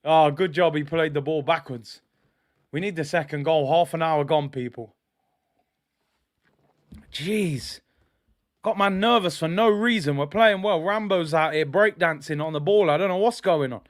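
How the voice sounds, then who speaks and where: A young man doing live fan commentary on a football match, reacting loudly and chatting to his viewers. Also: on the high side, unhurried, long pauses. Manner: animated fan, shouts and exclaims when play goes wrong. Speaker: football watch-along streamer.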